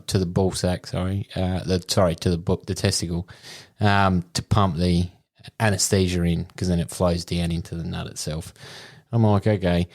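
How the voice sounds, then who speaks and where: Casting: Australian man, lowish voice, crude storyteller, laughs often. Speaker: podcast co-host. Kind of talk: casual storytelling.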